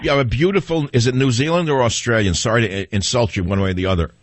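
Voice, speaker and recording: Combative talk radio host, dry studio sound. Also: male voice, medium pitch, fast talker, no room sound. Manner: combative, ranting, scornful. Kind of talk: political talk radio monologue and call-in.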